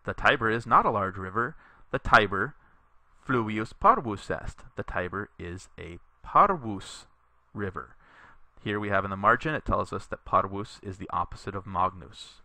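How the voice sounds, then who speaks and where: A man teaching a Latin lesson in a recorded tutorial, reading sentences slowly for learners to repeat and explaining patiently with a few fillers. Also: lowish voice, lively intonation, bright, forceful tone, dry recording. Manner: slow, deliberate reading aloud for learners to repeat.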